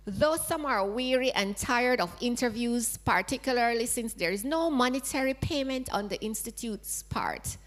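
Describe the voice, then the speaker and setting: A woman with a Jamaican accent, a researcher presenting a formal lecture in a measured, read-out way. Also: a little high, fairly bright tone. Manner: measured, reading from prepared text.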